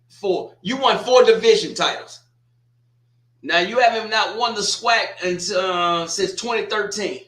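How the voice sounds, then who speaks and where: On a streaming setup in an echoey room, a man with a high, slightly bright voice hosts a casual sports talk stream. He teases and trash-talks a team, circling back to repeat his points.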